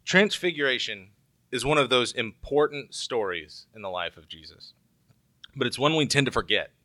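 A man's voice: medium pitch, expressive, normal speed, pushed and bright, no echo. A man preaching a sermon in a conversational way, with joking asides to the congregation. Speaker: pastor.

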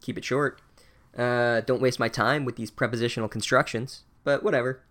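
A man recapping a book chapter with deadpan sarcasm and profane asides. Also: medium pitch, normal speed.

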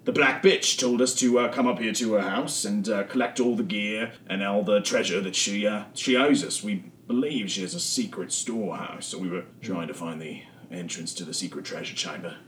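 A man putting on a surly low-voiced thug. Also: normal speed, few pauses, a bit bright, lightly acted. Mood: gruff. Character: gruff rude male thug captain. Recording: echoey room, mic far off, faint noise.

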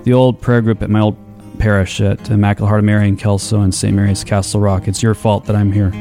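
A man who is a priest gives casual shout-outs in an easygoing, chatty way. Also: on the low side, level tone, fast, vocal fry, soft background music. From United States.

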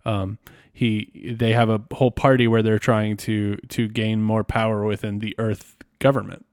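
A man's voice: lowish voice, little pitch movement, moderate pace, darkish tone, no echo, clean studio sound. A man co-hosting a casual podcast, teasing his partner with playful, rambling asides. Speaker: podcast co-host.

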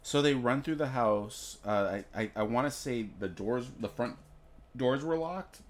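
A man's voice: mid-range voice, unhurried. A man co-hosting a podcast, talking through his theories on a movie in a thoughtful, casual way with plenty of fillers. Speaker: podcast co-host.

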